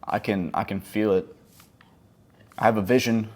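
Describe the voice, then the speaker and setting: A man's voice: on the low side, steady tone, moderate pace, a little mellow, slight background noise. A man around thirty chatting casually over his gameplay, rambling and self-mocking, dropping to mumbles and jumping to yelps. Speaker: gaming vlogger.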